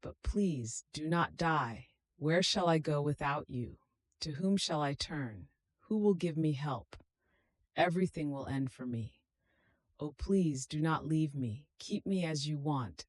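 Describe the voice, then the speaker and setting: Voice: mid-range voice, lively intonation, a little slow, no room sound. A reader speaking a devotional meditation aloud as a fervent, pleading prayer.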